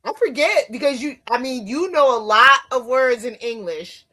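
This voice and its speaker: Curious, animated New Jersey woman with a high voice in a casual chat. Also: normal speed. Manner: animated, curious, asks many questions. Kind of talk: casual chat on a live stream.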